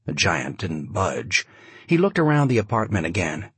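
A man narrating an audiobook in a vivid, expressive storytelling manner. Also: low-pitched, normal speed, slightly rough, dry recording. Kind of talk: scripted narration.

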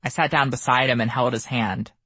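A man reading his own memoir aloud as an audiobook, measured and somber. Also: medium pitch, fairly even intonation, bright, forceful tone, breathy edge, no echo. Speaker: memoir narrator. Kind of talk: audiobook narration.

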